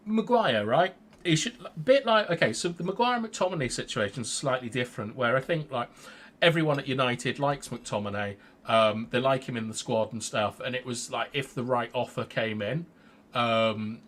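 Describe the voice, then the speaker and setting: A man's voice: medium pitch, fairly bright tone. A man co-hosting a casual fan show, giving strong opinions in a rambling way. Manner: opinionated, rambling, restarts sentences. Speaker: fan channel co-host.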